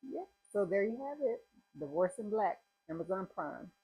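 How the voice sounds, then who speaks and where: A woman's voice: medium pitch, big pitch swings, normal speed, mellow, husky, faint music behind, poor audio. A woman vlogger giving a rambling, chatty movie review in a casual talking style. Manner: chatty, rambling retelling with asides. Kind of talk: casual chat.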